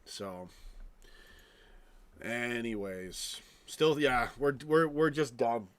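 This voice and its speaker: A man's voice: medium pitch, lively intonation, extremely slow, a bit bright, smooth. A man hosting a casual live stream, ranting with frequent swearing and restarts, tossing asides to his viewers. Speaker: fan channel live streamer.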